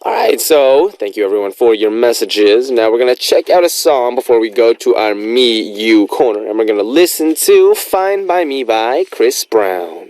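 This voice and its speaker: A man's voice: medium pitch, expressive, moderate pace, hardly any pauses, darkish tone, no room sound. A man hosting a radio music show, reading listener messages aloud in a playful, teasing, chatty way. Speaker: radio DJ host.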